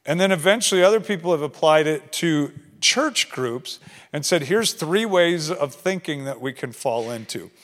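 A man's voice: fairly high pitch, lively intonation, normal speed, a bit bright. A man preaching to a youth ministry in a conversational way, often acting out short quoted exchanges. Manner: conversational, acts out quoted dialogue. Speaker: pastor. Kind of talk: sermon. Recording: long hall reverb.

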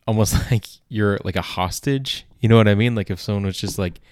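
A man's voice: on the low side, a little fast, no echo, studio quality. A man hosting a comedy podcast, rambling through a monologue full of filler words and restarts. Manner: rambling, heavy on filler words and self-corrections. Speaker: podcast host.

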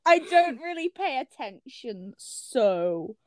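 A woman's voice: high-pitched, very animated, takes it slowly, darkish tone, no room sound. A young woman co-hosting a casual chat, giggly and teasing, reacting with short laughs. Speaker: co-host listening and reacting.

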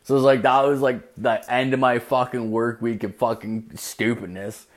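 A man's voice: mid-range voice, little pitch movement, normal speed. A man ranting through a casual story, swearing constantly and packing every sentence with "like". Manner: profane and rambling, leaning on filler "like".

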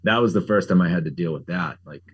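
A man's voice: low voice, fast talker, husky. A middle-aged man, a pumpkin carver, chatting casually as an interview guest, rambling with lots of fillers and jokes. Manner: rambling, frequent "like" fillers, jokey.

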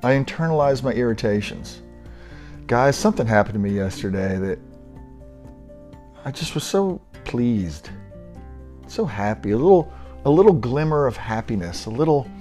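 A man's voice: medium pitch, a little mellow. A middle-aged man hosting his own podcast, rambling casually and grumbling wryly about small everyday irritations. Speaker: podcast host. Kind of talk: casual solo podcast monologue.

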